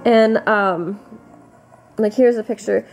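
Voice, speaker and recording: A woman's voice: mid-range voice, slow pace, gravelly, music in the background. A tired young woman giving a casual pregnancy update to her camera, chatty and rambling with many fillers and restarts. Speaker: vlogger.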